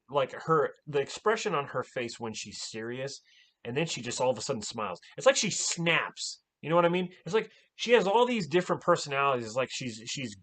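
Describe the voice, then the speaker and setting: Man, casual movie recap, animated and exclaiming, swears a lot, very lively pitch. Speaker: movie reviewer.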